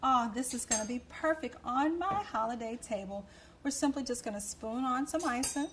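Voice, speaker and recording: Woman host of a cooking show, bubbly and effusive, slightly high voice. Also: expressive, normal speed, a bit bright, slight background noise. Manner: gushing and effusive. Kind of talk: cooking demonstration.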